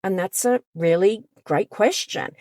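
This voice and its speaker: Speaking a little slowly at medium pitch, this woman counsellor and channel host gives forceful advice straight to her audience, now and then performing quoted lines. Her tone is darkish, and the recording is dry and studio-grade.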